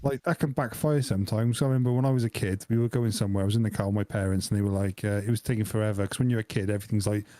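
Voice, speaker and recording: A man's voice: lowish voice, fairly even intonation, rapid-fire, hardly any pauses, mellow, dry recording. A man co-hosting a podcast, chatting casually and telling rambling, laughing stories full of "like". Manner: rambling, laughing storyteller, says "like" a lot. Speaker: podcast co-host. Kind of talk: casual chat.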